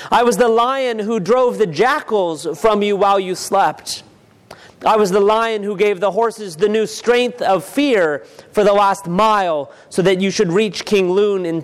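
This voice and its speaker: A man reading aloud and voicing a huge, calm male lion who speaks slowly and gravely. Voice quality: deep, slow, grave. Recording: long reverb.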